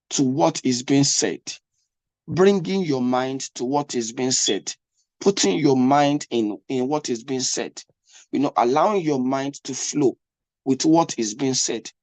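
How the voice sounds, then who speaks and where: This English test coach has a fairly high, slightly mellow voice, recorded without room sound. His spoken lesson is repetitive and marked by stumbling restarts, and he repeatedly asks the listener to follow along.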